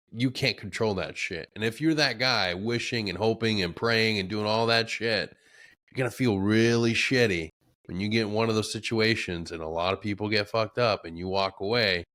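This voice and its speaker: Man, podcast host, fairly low voice, swears a lot, animated storytelling. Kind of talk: casual chat.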